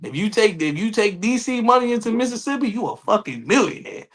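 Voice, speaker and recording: A bright-toned man with a DC-area accent talks fast and loose in a podcast chat. His pitch sits high and swings widely as he acts out other people with loud outbursts. He swears freely throughout. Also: big pitch swings, a little hiss or hum. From Washington DC area. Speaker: podcast co-host. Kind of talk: casual chat.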